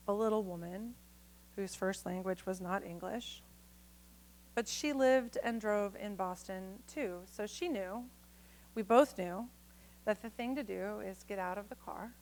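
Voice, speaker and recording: A woman reads her poems from a conference stage into a microphone. She is frank and salty, and she breaks off for playful asides to the audience. Her pitch sits in the middle of the usual range. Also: rough recording. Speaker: poet giving a reading. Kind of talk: poetry reading with spoken asides.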